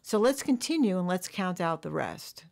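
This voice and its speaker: A woman drum teacher walking through a software tutorial, explaining step by step. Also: on the low side, lively intonation, moderate pace, gravelly. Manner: explanatory, counts bars aloud along with the music.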